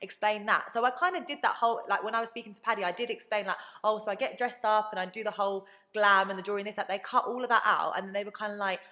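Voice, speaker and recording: A woman's voice: medium pitch, very fast, few pauses. A woman in her twenties, a podcast guest telling stories in a casual chat, acting out what other people said. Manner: animated storytelling, acts out quoted people.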